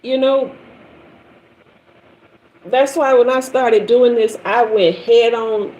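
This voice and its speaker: A woman's voice: fairly high pitch, fairly even intonation, takes it slowly, darkish tone, rough recording. A woman in her fifties, a tarot reader and spiritual teacher, preaching and telling stories on a livestream with lots of repetition for emphasis. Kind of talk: livestream talk.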